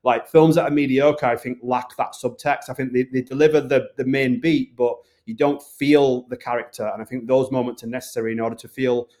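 A man's voice: medium pitch, steady tone, fairly quick, hardly any pauses, darkish tone. A man with a Northern English accent, a film director talking casually and earnestly in an interview, full of "like" and "you know". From Northern England. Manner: earnest, rambling, filler-heavy.

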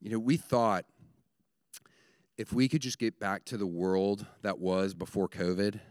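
A man's voice: lowish voice, steady tone, unhurried, a little mellow, no room sound, studio quality. A man preaching a sermon, emphatic, building his points in repeated short phrases. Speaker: pastor.

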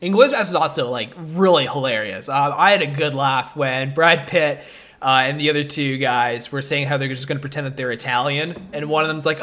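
A man hosting a casual movie podcast, rambling with lots of fillers and getting animated as he talks. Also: a little high, a little fast. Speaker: podcast host.

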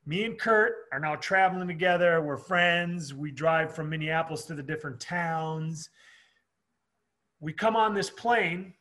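A man's voice: fairly high pitch, unhurried. A man, a former pro wrestler, telling profane backstage stories as a guest in a casual interview and acting out the people in them. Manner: profane, animated, acts out the people in his stories.

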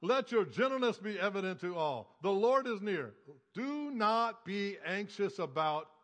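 A male pastor delivering a sermon with a high, bright, ringing voice. He preaches emphatically, stacking repeated phrases in rhythmic lists. His voice carries a long reverb, as if heard in a church sanctuary. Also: expressive, a little slow.

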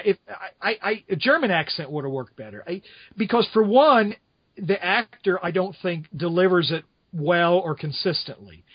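A man's voice: high-pitched, no echo, highs cut off. A man casually talking through his opinions on a stage show, rambling with frequent restarts and asides. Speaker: podcast host reviewing a musical. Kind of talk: casual chat.

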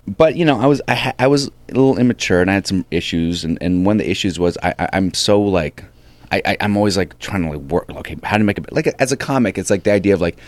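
A man, a comedian and actor, telling an animated story in a casual interview, acting out quoted lines with lots of restarts. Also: deep voice, fast, no room sound.

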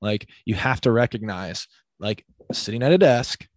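Brief: energetic young man from the US Midwest, fitness coach guest, chatty filler-laden delivery, dry close mic. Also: fairly low pitch, normal speed, no room sound. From Midwest United States. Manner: energetic, heavy use of "like". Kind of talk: casual podcast conversation.

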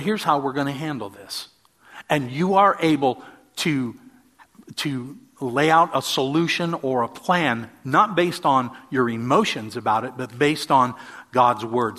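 A man in his sixties, a pastor, preaching a sermon and telling personal stories with quick bursts and drawn-out emphasis. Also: medium pitch, a bit bright.

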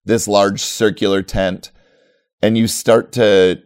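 A man narrating as game master of a tabletop game, relaxed and rambling, full of fillers. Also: fairly low pitch, slow, smooth.

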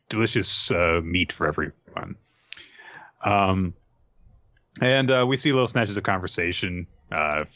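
A man's voice: deep voice, bright, forceful tone. A man recapping a story casually, rambling with many fillers and jokey asides. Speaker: podcast host recapping an anime. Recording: dull lo-fi sound.

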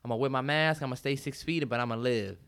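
Bright, smooth-voiced profane podcaster man. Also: mid-range voice, fast talker. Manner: profane, emphatic, riffs and repeats himself. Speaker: podcast co-host. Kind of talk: casual chat.

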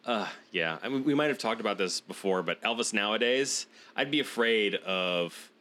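A man's voice: on the low side, lively intonation, moderate pace, sharp tone. A man co-hosting a podcast in casual chat, rambling and restarting his thoughts. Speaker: podcast co-host.

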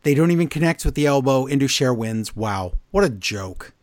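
A man's voice: medium pitch, lively intonation, normal speed, a little mellow, no echo, clean studio sound. A man co-hosting a podcast, recapping wrestling in casual chat with sarcastic, exasperated asides. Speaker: podcast co-host.

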